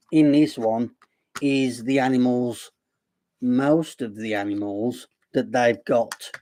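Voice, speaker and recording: Hosting a laid-back live stream, this man speaks with a Black Country accent, being from that part of the West Midlands. His voice is medium-pitched and dark, and his chat rambles with plenty of self-deprecation.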